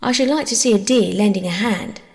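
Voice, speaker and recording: A woman voicing a cocky, boastful young boy in a storybook reading, blunt and teasing, with a gravelly tone and long reverb. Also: mid-range voice, brisk, darkish tone, natural voice.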